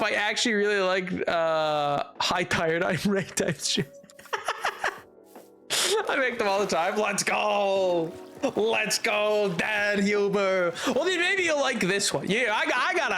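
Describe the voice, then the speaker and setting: A man's voice: high-pitched, bright, forceful tone. A male streamer chatting casually on a live stream, rambling, stumbling over his words and breaking into giggles.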